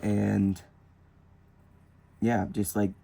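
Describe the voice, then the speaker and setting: A man's voice: lowish voice, level tone, very slow, vocal fry, dark tone. A young man thinking aloud in a rambling, casual vlog about spirituality while drawing with colored pencils. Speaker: spiritual vlogger. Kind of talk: casual musing monologue.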